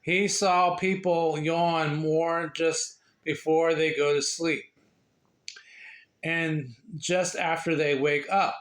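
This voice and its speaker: A man reads a children's picture book aloud at a slow, careful pace. His voice sits a little high, and he stumbles and restarts over words as he goes. The room rings with noticeable echo. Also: fairly even intonation, a bit bright. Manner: slow, halting reading with slips and asides. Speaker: reader sharing a book. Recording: echoey room.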